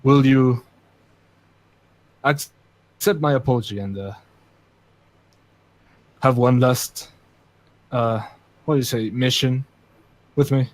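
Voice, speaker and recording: Man playing a slow, earnest tearful friend. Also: mid-range voice, lightly acted, rough recording.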